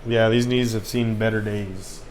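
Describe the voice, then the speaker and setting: A man's voice: on the low side, fairly even intonation, unhurried, darkish tone, slight background noise. Laid-back rambling man. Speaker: podcast co-host. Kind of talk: casual chat.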